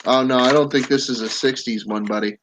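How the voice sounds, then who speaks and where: A man's voice: medium pitch, fairly even intonation, brisk, noisy background. A man hosting a livestream panel in casual chat, joking and laughing often. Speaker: livestream host.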